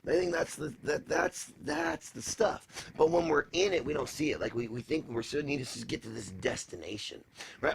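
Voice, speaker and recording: A man's voice: mid-range voice, a little fast, creaky, crowd noise. A man co-hosting a podcast in casual chat, rambling and swearing, with many fillers. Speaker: podcast co-host.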